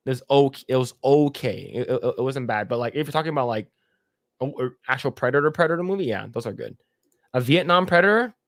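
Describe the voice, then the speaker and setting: A man's voice: on the high side, no room sound, clean studio sound. A man hosting a casual podcast, reading chat comments aloud and rambling with frequent swearing and laughter. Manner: rambling, profane, laughs often.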